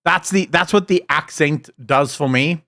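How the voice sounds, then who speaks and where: A man's voice: on the high side, measured pace, creaky, a bit bright, dry recording. A man with a South African accent, giving casual, enthusiastic reaction commentary on a stream, joking and swearing freely.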